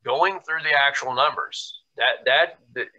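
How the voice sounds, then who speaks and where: A man's voice: mid-range voice, measured pace, bright, forceful tone, dull audio. A man hosting a business talk, explaining earnestly and building his point through a farming analogy. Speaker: host.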